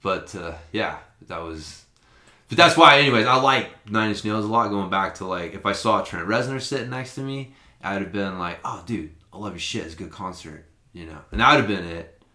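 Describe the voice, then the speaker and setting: A man's voice: fairly low pitch, normal speed. A man casually telling a long story on a podcast, rambling and swearing often. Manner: profane, rambling, animated storyteller. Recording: echoey room.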